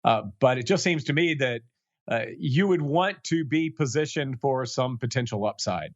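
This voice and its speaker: A man's voice: medium pitch, animated, moderate pace, dry recording, muffled recording. A man speaking as a guest expert in casual chat, rambling with self-deprecating humor.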